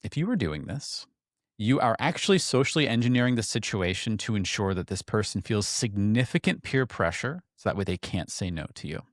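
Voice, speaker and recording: A low-voiced man co-hosts a podcast and cuts in with earnest, animated points. He is recorded close and dry. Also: fairly quick, no echo. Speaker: podcast co-host. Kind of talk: casual discussion.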